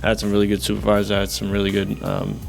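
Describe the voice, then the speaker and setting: A man talking in a relaxed, reflective way about his own experience in a casual podcast chat. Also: on the low side, rapid-fire, creaky.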